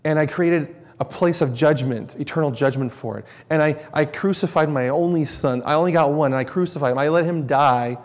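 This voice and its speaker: A man's voice: fairly high pitch, fairly quick, few pauses, natural voice. A man voicing God as stern and wrathful yet merciful, with emphatic, repeated declarations, heard with long hall reverb.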